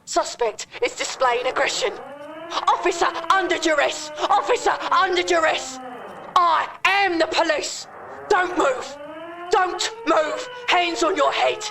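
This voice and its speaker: A man's voice: extremely high pitch, measured pace, creaky, noisy background, pitched above the performer's own voice, full character voice. A man voicing a deranged woman cop who barks clipped police jargon. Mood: manic. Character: unhinged woman cop shouting police codes.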